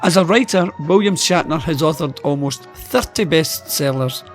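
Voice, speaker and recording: A Scottish man with a fairly high voice runs a radio interview, reading a polished introduction and then easing into light banter. Faint music hums underneath him. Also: animated, normal speed. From Scotland. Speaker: radio host.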